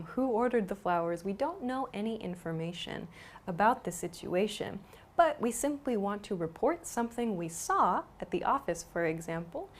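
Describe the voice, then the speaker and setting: A woman gives a grammar lesson in a clear, patient teaching voice. She repeats each example sentence and explains it step by step. Her pitch sits in the ordinary middle range. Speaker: English teacher.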